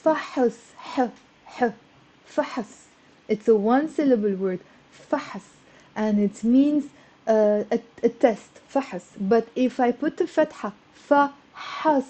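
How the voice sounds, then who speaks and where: A woman's voice: fairly high pitch, mellow, dull audio. A woman whose first language is Lebanese Arabic, teaching a live-streamed lesson in a chatty, encouraging way and greeting viewers by name, a little stressed and flustered.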